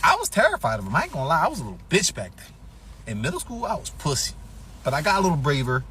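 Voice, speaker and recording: A man's voice: on the high side, very fast, a little hiss or hum. A man telling a profane, comedic personal story, acting out what people said. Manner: animated, profane, acts out quotes.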